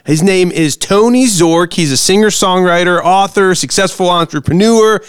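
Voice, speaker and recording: A man's voice: high-pitched, moderate pace, clear, resonant tone, no echo, clean studio sound. A man hosting an interview, introducing his guest and asking questions in an upbeat, chatty way. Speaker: podcast host.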